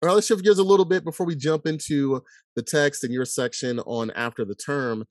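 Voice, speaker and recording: A man's voice: fairly high pitch, fairly quick, a little mellow, no room sound, studio quality. A man hosting an educational podcast, talking in a reflective, casual way with many filler words. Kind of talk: casual conversational interview.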